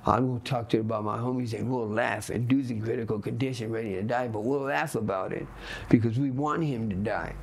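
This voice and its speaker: A man with a gravelly, rough-edged voice tells his stories straight and profane, checking in with "you know what I mean" again and again. A faint hiss sits under the recording. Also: mid-range voice, a little fast, darkish tone. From Los Angeles. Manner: blunt, profane street talk, keeps asking "you know what I mean". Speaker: interviewee. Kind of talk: candid storytelling interview.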